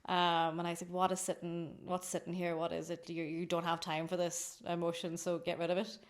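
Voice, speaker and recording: A woman's voice: on the low side, monotone, a little fast. Chatty, effusive Irish woman. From Ireland. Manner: chatty and effusive, laughs often. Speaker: guest, company founder. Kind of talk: casual podcast interview.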